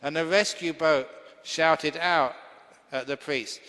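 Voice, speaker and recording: A Buddhist monk gives a slow, humorous dharma talk, his voice sitting a little high for a man. The recording carries long reverb from a large hall. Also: bright, forceful tone. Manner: humorous, chatty, laughing easily.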